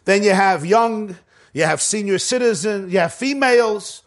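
A man with a notably high voice delivers a Torah sermon, using Ashkenazi Hebrew pronunciation. He teaches emphatically and drives his points home with rhetorical questions. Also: normal speed. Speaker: rabbi.

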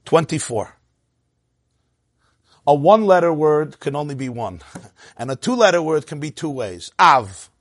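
A man with a high voice teaches a Torah class close to a dry microphone. He talks in an animated way, fires off rhetorical questions and answers them himself, and his voice rises and falls a lot. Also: dry recording. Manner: lively rise and fall, laughs often.

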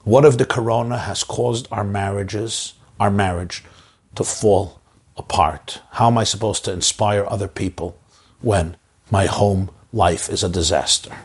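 A man who is a rabbi, giving an inspirational Torah talk to community leaders with an impassioned delivery that leaps up in pitch for emphasis. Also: measured pace, husky.

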